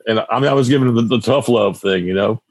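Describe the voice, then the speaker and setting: A man's voice: mid-range voice, quick pace, slightly rough, no room sound. A man in his sixties, a guitar teacher and radio broadcaster, telling stories in a casual interview, rambling and often restarting his sentences.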